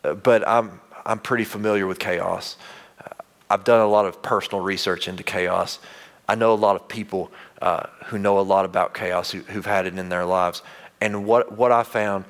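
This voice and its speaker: A man, preaching a conversational sermon, earnest, with frequent restarts and drops to quiet intensity. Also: deep voice, fairly even intonation, moderate pace. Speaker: pastor.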